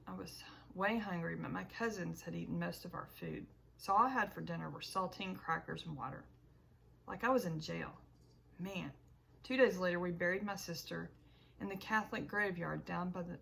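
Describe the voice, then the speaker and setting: A woman narrating an audiobook in the first person, with a measured reading and small self-corrections. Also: lowish voice, creaky, fairly bright tone, slight background noise, poor audio.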